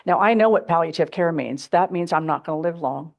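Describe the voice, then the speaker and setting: A woman's voice: low-pitched, a little fast, gravelly. Woman speaker at a symposium, candid, dramatic storytelling, talking to a crowd. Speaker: keynote speaker. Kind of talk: personal story talk. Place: symposium stage before an audience.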